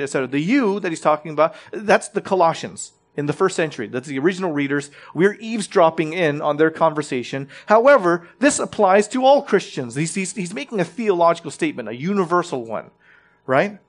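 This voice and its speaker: A man preaching a sermon in a conversational teaching manner, often checking in with his listeners and restarting his phrases. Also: fairly high pitch.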